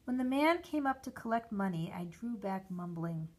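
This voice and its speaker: A woman reading a short story aloud, slowly and deliberately, giving the characters' lines their own voices. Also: mid-range voice, lively intonation, a little mellow. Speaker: reader.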